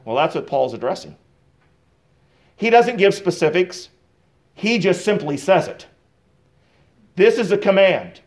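A man's voice: high voice, big pitch swings, a little slow, long pauses. A middle-aged male pastor giving a conversational sermon with casual asides and light chuckles.

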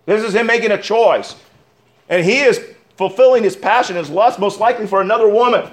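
A man with a high voice preaches a sermon. His delivery swings between sharp, loud emphasis and low, hushed asides, and he keeps turning to his listeners with direct questions. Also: fairly quick. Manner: asks the congregation direct questions. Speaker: pastor.

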